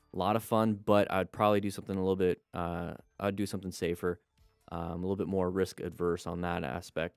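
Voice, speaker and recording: A man's voice: low voice, vocal fry, clean tone, dry recording, studio quality. A man hosting a casual live stream, chatting to viewers and greeting them as he reads their comments. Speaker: live stream host and riding instructor.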